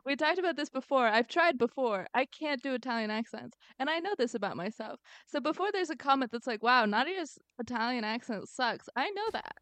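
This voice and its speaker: A young adult woman co-hosting a podcast, chatting in an animated, jokey and self-deprecating way. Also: high-pitched, a little fast, hardly any pauses, no room sound. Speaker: podcast co-host. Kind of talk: casual chat.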